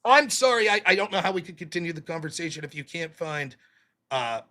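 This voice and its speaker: Male call-in host, bright piercing tone, mocking and argumentative. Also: on the high side, animated, fairly quick. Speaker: host of a live call-in show. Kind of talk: live-stream call-in argument.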